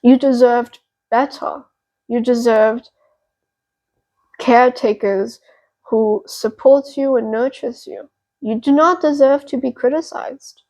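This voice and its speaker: A young woman hosting a pick-a-card tarot reading, talking gently and reassuringly with a therapeutic tone and many fillers. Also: a little high, slow, low-quality recording. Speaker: tarot reader and channel host.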